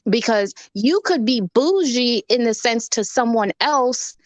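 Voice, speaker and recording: A woman's voice: on the high side, unhurried, no echo. A woman from Jamaica speaking as a panelist in a casual discussion, animatedly acting out quotes as she tells stories. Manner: animated storyteller who acts out quotes.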